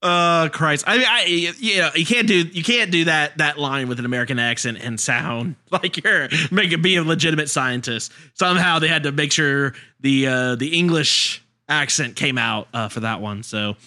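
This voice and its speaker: A man co-hosting a casual movie podcast, animated and quick to laugh. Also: fairly high pitch. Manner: animated, laughs often, jumps between points. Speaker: podcast co-host.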